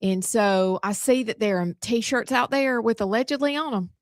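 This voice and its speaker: A woman's voice: on the high side, normal speed, no room sound, clean studio sound. A middle-aged woman hosting a show, chatting playfully with her co-host. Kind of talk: casual chat.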